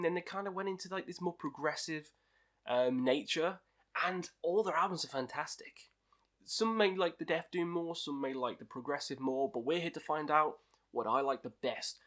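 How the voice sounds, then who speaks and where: A man's voice: fairly high pitch, a bit bright. Chatty man reviewing metal albums. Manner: chatty and opinionated, with many fillers. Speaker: music reviewer host. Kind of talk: casual album ranking review.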